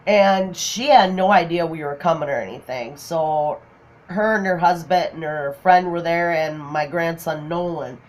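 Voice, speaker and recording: A middle-aged grandmother tells family stories at an unhurried, easy pace. She laughs often as she talks and slips into little acted-out voices for the people in her tales. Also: sits low. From Minnesota, USA. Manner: laughs often, acts out quotes. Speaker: crafting channel host. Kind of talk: casual storytelling chat.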